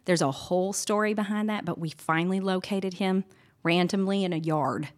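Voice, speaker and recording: A middle-aged woman, a guest in an interview, telling a personal story in an earnest, candid way and getting animated when she retells scenes. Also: mid-range voice, normal speed.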